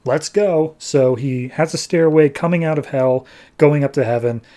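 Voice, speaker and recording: Casual, mellow-voiced man recapping a comic. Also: medium pitch, moderate pace. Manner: casual, rambling, with restarts. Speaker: comic book podcast host.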